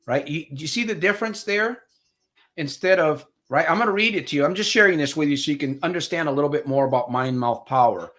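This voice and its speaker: A man's voice: a little high, fast talker, a bit bright. A man hosting a live motivational broadcast as a recovery coach. He talks to viewers as friends in a preachy way, repeats his phrases for emphasis, and reads out viewer comments. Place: home studio with green screen.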